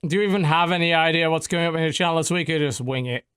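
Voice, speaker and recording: A podcast host with a somewhat high, strained voice speaks bluntly and sardonically, swearing without hesitation. The recording is close and dry, with no room sound. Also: male voice, very fast, fairly bright tone, clear, resonant tone, dry recording. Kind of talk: casual podcast chat.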